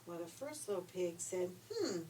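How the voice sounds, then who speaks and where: An older woman with a fairly low, darkish voice reads a children's story aloud at an unhurried pace, in a homey, chatty storytelling style. The mic sits at a distance and there's a faint hiss.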